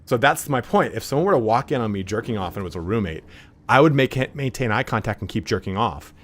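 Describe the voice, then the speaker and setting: A man's voice: fairly low pitch, expressive, quick pace, fairly bright tone. A man streaming a game, telling profane, rambling anecdotes and acting out the voices in them. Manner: acts out voices in his stories. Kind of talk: casual chat while gaming.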